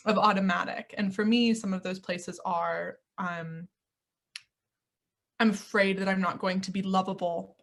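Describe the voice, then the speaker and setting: Woman, young adult, acting coach, earnest, reflective interview talk, mid pitch. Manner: earnest, searching, puts on little inner voices.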